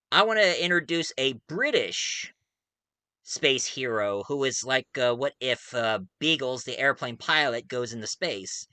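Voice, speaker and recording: Man, casual video monologue, enthusiastic, rambling, self-correcting, smooth crisp voice, dry close mic. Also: mid-range voice, bright, forceful tone, no room sound. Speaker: audio drama creator.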